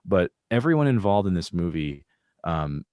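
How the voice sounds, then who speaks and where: A man's voice: deep voice, sing-song, moderate pace, darkish tone, clean tone, no echo, clean studio sound. A man co-hosting a casual podcast chat about a movie, thoughtful and full of restarts. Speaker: podcast co-host.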